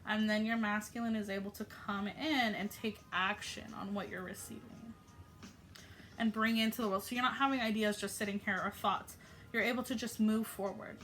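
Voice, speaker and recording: A woman's voice: medium pitch, steady tone, normal speed, a bit bright, faint music behind. A woman giving a casual spiritual message to her viewers, affectionate and encouraging, with loose fillers. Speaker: spiritual YouTube channeler.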